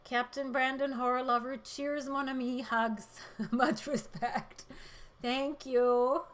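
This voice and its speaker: Impassioned high-voiced woman livestreaming. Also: steady tone, slow. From Middle East. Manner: impassioned, shifts between loud outbursts and quiet emotion. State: emotional, close to tears. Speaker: livestream host reading chat comments. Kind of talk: emotional political livestream talk.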